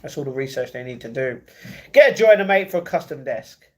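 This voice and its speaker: A UK man hosting a casual livestream reads out viewer comments and replies, often apologizing, through wireless earbud microphones. He talks a little fast, with medium pitch, lively intonation and a darkish tone.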